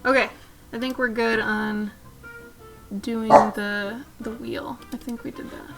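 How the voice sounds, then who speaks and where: High-voiced woman chatting slowly on stream. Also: steady tone, over loud music. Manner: chatty, soft-spoken, drifting between asides. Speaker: live-stream artist host. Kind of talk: casual chat while drawing.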